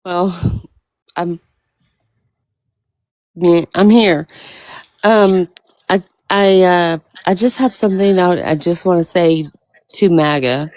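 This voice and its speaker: A woman's voice: on the low side, slow pace, pauses often, a little mellow, dry recording. A woman calling into a talk show, subdued and hesitant, telling a short fable. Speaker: caller. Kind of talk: call-in storytelling.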